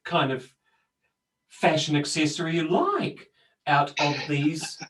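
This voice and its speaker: A man co-hosting a casual conversation, telling stories in an animated, rambling way with lots of restarts. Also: on the high side, takes it slowly, far from the mic, poor audio. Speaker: co-host. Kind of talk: casual conversation about personal growth.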